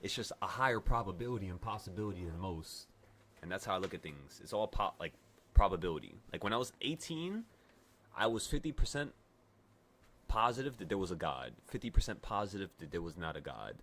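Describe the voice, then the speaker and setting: A man's voice: sits low, very animated, a little fast, a bit bright, slight background noise. A man in his twenties, a trading streamer telling a story in casual livestream talk, stammering and swearing as he goes.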